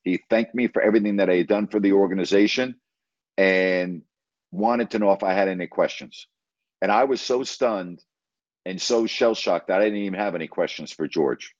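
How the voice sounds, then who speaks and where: A man's voice: sits low, moderate pace, no room sound, lo-fi sound. A middle-aged man, a sports radio host, telling a story in an interview in a blunt, emphatic way with salty language.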